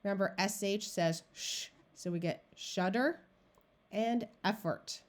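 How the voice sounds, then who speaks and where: Slow, deliberate woman teaching phonics. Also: medium pitch. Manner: slow, deliberate, clear word-by-word modeling. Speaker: reading tutor. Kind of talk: phonics lesson narration.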